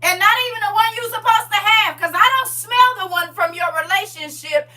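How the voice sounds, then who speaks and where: A woman hosting a livestream, talking in a casual, preachy, comic way, animated, laughing and teasing. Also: very high-pitched, brisk, recorded from a distance. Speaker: livestream host.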